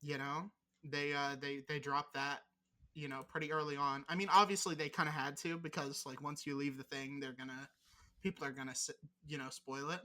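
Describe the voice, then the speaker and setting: Bright-voiced rambling podcast co-host. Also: medium pitch, little pitch movement, brisk. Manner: rambling, teasing, swears freely. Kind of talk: casual chat.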